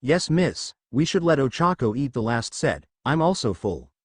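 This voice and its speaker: A polite, earnest teenage boy from a fan fiction story, read out by a man. His voice rises and falls in a lively way and sounds dry and close. He stammers a little when he gets flustered. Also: medium pitch, normal speed, slightly rough, no room sound. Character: shy polite teenage boy hero, eager.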